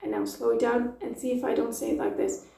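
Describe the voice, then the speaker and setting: Woman teaching with a gravelly voice. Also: fairly high pitch, big pitch swings, warm tone, roomy sound, distant mic, a little hiss or hum, poor audio. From Portugal. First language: Portuguese. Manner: explanatory, uses metaphors, demonstrates phrases slowly. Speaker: language teacher. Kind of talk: YouTube language lesson.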